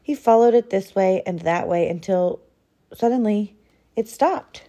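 Slow, expressive woman reading a picture book. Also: medium pitch. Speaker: storybook reader.

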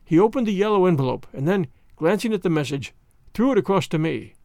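A man narrating a classic story in a measured, expressive reading. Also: high-pitched, no room sound, studio quality. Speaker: narrator of an audiobook.

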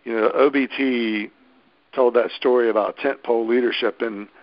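A man's voice: medium pitch, steady tone, normal speed, dry recording, lo-fi sound. A man organizing a hosted event, chatting casually and enthusiastically with many restarts. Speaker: local event host organizer. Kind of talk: casual podcast chat.

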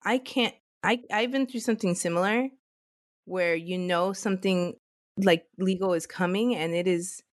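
A woman's voice: fairly low pitch, steady tone, normal speed, no room sound. Woman podcast co-host, casual, laughs a lot, dry close mic. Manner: laughs often, recaps case facts. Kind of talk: casual chat and case recap.

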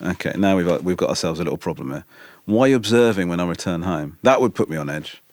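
A man's voice: low-pitched, animated, fast, a little mellow, dry recording, clean studio sound. A man co-hosting a podcast, teasing his friend and arguing his point wryly. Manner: wry, argumentative, teasing. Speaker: podcast co-host. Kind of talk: casual chat.

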